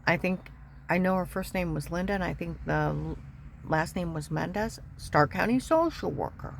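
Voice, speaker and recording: A woman with a deep, low-pitched voice tells her own story in an emotional testimony. She circles back to her main points and repeats them for emphasis. A faint background noise sits under the recording. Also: animated, normal speed, gravelly. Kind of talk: personal testimony.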